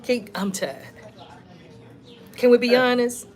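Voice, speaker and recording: A woman's voice: on the high side, slow. A woman vlogger chatting casually on a live stream, talking straight to her viewers in an emphatic, conversational way. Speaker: wellness vlogger.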